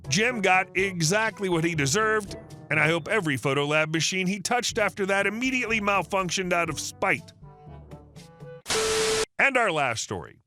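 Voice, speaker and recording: A man reading online stories aloud as the narrator of a channel, with a snarky, mocking delivery. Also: sits high. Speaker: story narrator.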